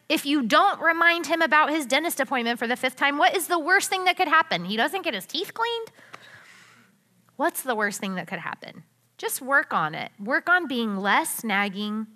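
A woman's voice: medium pitch, bright, forceful tone. A woman giving an earnest, conversational teaching talk to other wives, with frequent rhetorical questions. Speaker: women's ministry speaker. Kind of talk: sermon-style teaching talk.

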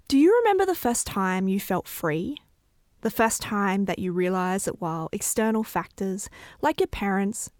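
A woman narrating a childhood memory with vivid, animated storytelling. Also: medium pitch, no room sound, clean studio sound. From Australia.

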